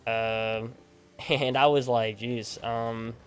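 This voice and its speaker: A man's voice: medium pitch, drawn-out words, a little hiss or hum. Rambling young man telling a story. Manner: rambling, animated storytelling with many fillers and restarts. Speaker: gaming streamer. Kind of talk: casual storytelling over gameplay. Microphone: desk microphone at a gaming setup.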